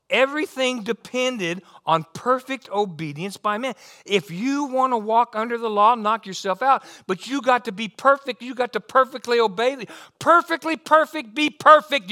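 A middle-aged man preaching a sermon, animated, often restarting and repeating words. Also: high voice. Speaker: pastor.

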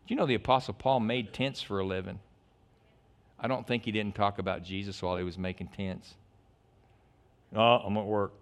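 A middle-aged pastor's sermon swings between loud bursts and hushed moments, delivered in an animated, digressive style. His voice sits on the low side and his pace is brisk.

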